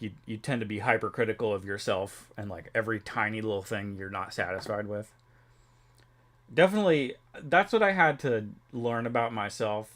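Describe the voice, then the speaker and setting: A man's voice: on the low side, fairly bright tone. Laid-back rambling young man. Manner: rambling, laughing, many fillers and restarts. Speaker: streamer chatting with viewers. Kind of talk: casual chat.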